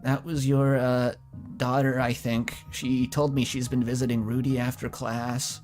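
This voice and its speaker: A shy, unsure ghost, voiced by a man, speaking in a halting, hesitant way. His voice stays plain and mid-pitched over faint music. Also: flat delivery, a little mellow, lightly acted. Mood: timid. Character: timid, unsure ghost chauffeur.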